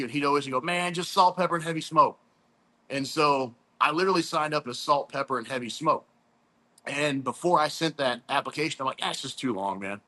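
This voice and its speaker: Chatty laid-back man, bright voice. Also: medium pitch. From St. Louis, USA. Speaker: competition barbecue pitmaster guest. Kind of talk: casual storytelling interview.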